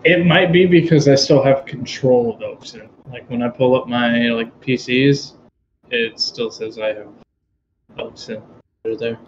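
A man's voice: mid-range voice, steady tone, unhurried, muffled recording, a little hiss or hum. A man playing in a tabletop game over an online call, talking casually and hesitantly with lots of questions. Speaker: player.

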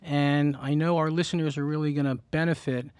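A man's voice: on the high side, a little fast, clean tone, no echo, clean studio sound. A man hosting a podcast interview, wrapping it up with effusive praise for his guest. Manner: effusive, flattering. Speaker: podcast host. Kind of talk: interview wrap-up.

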